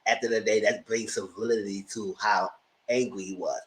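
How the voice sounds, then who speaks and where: A man's voice: quick pace, rough recording. A man giving a casual, dramatic recap of a reality TV episode, acting out quotes and laughing often. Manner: animated storyteller, acts out quotes with high-pitched outbursts. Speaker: TV show reviewer.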